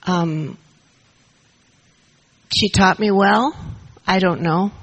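A woman's voice: mid-range voice, extremely slow, fairly bright tone, slightly rough, low-quality recording. An older woman sharing her story at a recovery meeting, emotional and a little nervous, speaking into a shared mic. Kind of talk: personal testimony to a group. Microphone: shared handheld mic.

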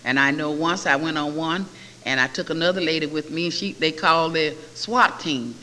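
A bright, sharp-toned older woman gives a personal testimony as a recovery meeting speaker. She tells her story vividly and slips into lively voices for the people in it. Her voice rings through an echoey hall over a faint hiss. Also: sits low, moderate pace.

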